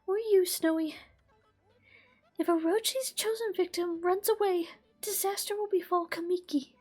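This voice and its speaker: A woman's voice: very high voice, steady tone, moderate pace, darkish tone, pitched above the performer's own voice. A woman voicing a determined young village woman who speaks earnestly and resolutely.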